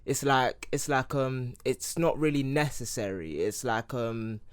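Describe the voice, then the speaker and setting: A young English-accented man of Yoruba Nigerian heritage co-hosts a podcast, rambling through casual chat with lots of fillers. His medium-pitched voice is clear and resonant, and he speaks a little slowly.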